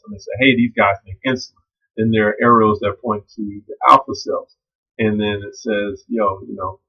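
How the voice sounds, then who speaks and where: A male biology instructor teaching in a relaxed, jokey way, with slang and frequent ums. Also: lowish voice, breathy edge. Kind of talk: casual recorded lecture. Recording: dull lo-fi recording.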